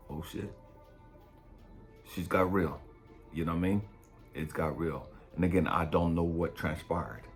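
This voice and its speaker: A man, a spiritual coach, telling a story in a blunt, profane, animated way. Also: low-pitched. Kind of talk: casual storytelling monologue.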